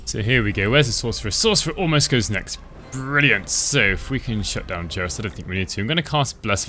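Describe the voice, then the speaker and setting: A man giving relaxed, chatty commentary over his own gameplay, thinking aloud as he plays. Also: medium pitch. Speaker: gaming channel host.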